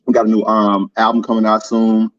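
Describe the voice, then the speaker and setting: A man joining a live stream as a guest musician, talking in a relaxed, hesitant way. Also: fairly low pitch, brisk, no room sound, dull audio. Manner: relaxed, hesitant, with many fillers. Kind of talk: casual live-stream chat.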